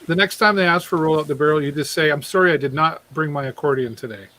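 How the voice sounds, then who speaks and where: On a rough recording, a man with a highish, bright, forceful voice talks fast while hosting a live music show. In casual live-show chat, he jokes with his co-host and greets viewers by name.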